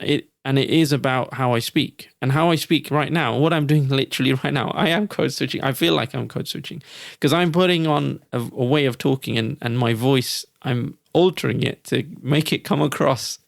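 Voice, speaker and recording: A man's voice: medium pitch, gravelly, no echo, clean studio sound. A man co-hosting a podcast, talking in a reflective, hesitant way with frequent restarts. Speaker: podcast co-host. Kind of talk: casual podcast discussion.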